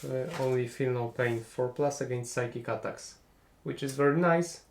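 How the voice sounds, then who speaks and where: Male co-host, casual game talk, mid-pitched and agreeable, echoey room. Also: normal speed, a little hiss or hum. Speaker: tabletop game co-commentator. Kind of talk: casual post-game discussion.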